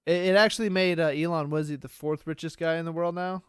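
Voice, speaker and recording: A man's voice: on the high side, fairly even intonation, fast talker, clear, resonant tone, dry recording, studio quality. A man co-hosting a casual streaming podcast, rambling with many fillers and restarts. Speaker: podcast co-host.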